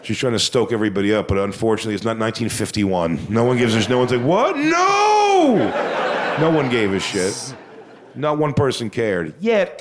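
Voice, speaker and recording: Lively, crude stand-up comedian, a man. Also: medium pitch. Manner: crude, conversational, acts out quotes. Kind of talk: stand-up storytelling.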